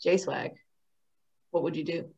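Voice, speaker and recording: A woman's voice: on the low side, fairly even intonation, unhurried, darkish tone, husky, muffled recording. A woman co-hosting a podcast, asking playful questions in casual chat. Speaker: podcast co-host.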